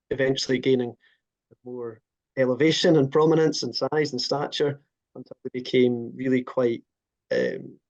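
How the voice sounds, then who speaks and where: A male interview guest from a heritage project, explaining in a measured, thoughtful way with frequent ums. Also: mid-range voice, a little mellow, lo-fi sound.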